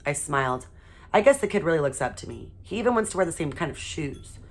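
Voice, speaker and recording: Professora de voz grave lendo livro infantil. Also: female voice, low voice, fast. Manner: steady, expressive storytelling. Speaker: teacher. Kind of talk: reading a children's chapter book aloud.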